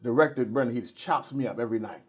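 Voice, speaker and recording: A husky-voiced middle-aged man sits as a talk show guest. He tells animated stories at an ordinary pitch, often repeating words and laughing along the way. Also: rapid-fire. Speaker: guest, theater professor. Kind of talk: casual interview storytelling.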